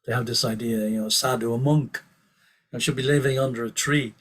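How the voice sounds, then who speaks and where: A man giving a scripture class as a sermon, telling stories in an animated way and often restarting his sentences. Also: medium pitch, fairly quick, husky. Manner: animated, quotes with rising force, frequent restarts. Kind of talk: sermon with storytelling.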